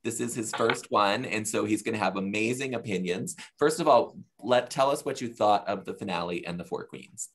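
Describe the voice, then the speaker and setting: A man hosting a casual chat show, chatty and quick to giggle as he leads each segment. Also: on the low side, slight background noise. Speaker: podcast host.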